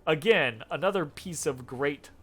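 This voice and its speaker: A man reading in-game lore aloud as a storyteller, expressive, with casual asides between passages. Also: fairly high pitch, unhurried, breathy edge. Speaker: gameplay narrator.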